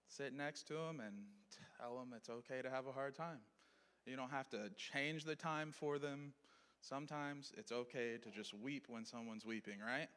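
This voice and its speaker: A man's voice: on the high side, a bit bright. Male Bible teacher, casual lesson style, echoing hall sound. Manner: conversational, checks in with listeners.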